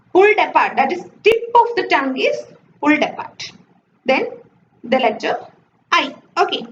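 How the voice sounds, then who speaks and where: Woman lecturer, high and very lively pitch, echoey and slightly dull recording. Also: a little hiss or hum. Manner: explains step by step, often saying "okay". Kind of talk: slide-based phonetics lecture.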